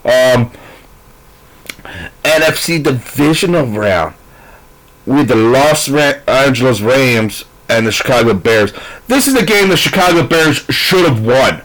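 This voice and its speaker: A man's voice: medium pitch, animated, a little slow, a bit bright, low-quality recording. A man ranting through a sports recap, profane, frustrated and rambling. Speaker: sports commentator.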